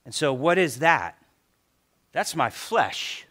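A man preaching a sermon as pastor, telling a story lively and acting out his own grumbling thoughts. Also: a little high, slow.

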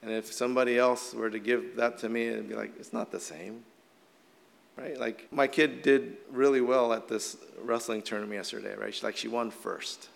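A middle-aged man, a little hoarse from shouting, preaching a casual, conversational sermon full of "like" fillers. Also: medium pitch, steady tone, brisk, hardly any pauses. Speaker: pastor. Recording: long hall reverb.

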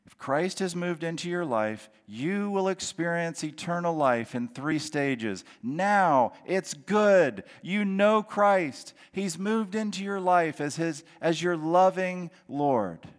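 A man's voice: a little high, animated, in a large hall. A male pastor preaching a sermon, reading scripture and repeating key phrases for emphasis. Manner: deliberate preaching with emphatic repetition.

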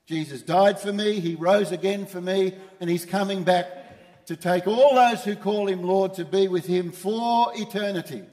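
A man's voice: sits high, a little slow, mellow, big-room sound. A man preaching a sermon as pastor, emphatic and repeating his key phrases. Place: church.

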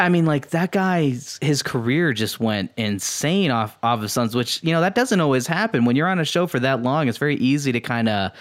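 Easygoing man on a podcast. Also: mid-range voice. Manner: easygoing, enthusiastic. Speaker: podcast co-host. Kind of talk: casual chat.

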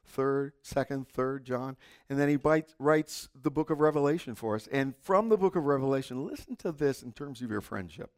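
A middle-aged man preaching a sermon, telling stories expressively and dropping into soft asides. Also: fairly high pitch, clear, resonant tone. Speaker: pastor.

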